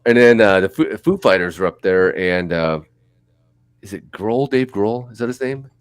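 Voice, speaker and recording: A man's voice: lowish voice, animated, normal speed, smooth, dry recording, studio quality. A middle-aged man co-hosting a podcast, telling loose, profane, rambling stories in casual chat. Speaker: podcast co-host.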